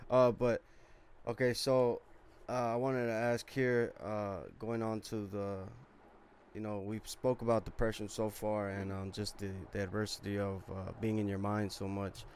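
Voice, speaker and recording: A man hosting a podcast interview, asking long, thoughtful questions at a measured pace with frequent fillers. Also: fairly low pitch, little pitch movement, a little mellow, slight background noise. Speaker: podcast host.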